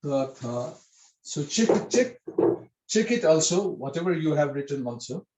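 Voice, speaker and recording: A man's voice: fairly high pitch, animated, normal speed, dark tone, roomy sound, poor audio. A man teaching a writing script in an online lesson, explaining patiently and repeating himself with many fillers over a video call.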